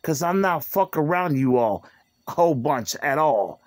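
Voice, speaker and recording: A man's voice: fairly high pitch, expressive, moderate pace, dry recording, clean studio sound. A man in an aggrieved, repetitive rant, recorded on a phone. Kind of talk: angry rant to camera.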